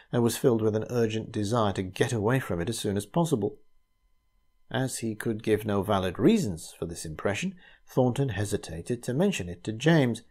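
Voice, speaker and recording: A man reads a classic ghost story aloud at a measured, steady pace. His voice is mellow and warm, sitting in a middle register. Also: mid-range voice. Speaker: narrator.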